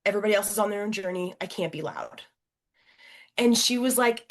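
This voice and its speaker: A young adult woman, a podcast guest and coach, telling a personal story in an animated, expressive way. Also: medium pitch, fairly quick. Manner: animated and expressive, acting out quoted voices.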